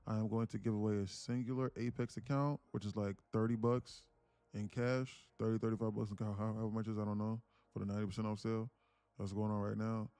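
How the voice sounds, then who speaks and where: Mellow low-voiced man hosting a live stream. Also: level tone, fast talker, dry recording. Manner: loose, repetitive, restarts phrases while reading chat. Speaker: livestream trading host. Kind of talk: casual live-stream chat.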